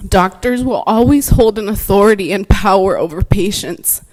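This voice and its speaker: A woman's voice: medium pitch, normal speed, a little mellow, poor audio. Earnest woman giving emotional public comment. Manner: earnest, emotional, reading prepared remarks. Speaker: public commenter, family therapist. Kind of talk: public comment at a board meeting.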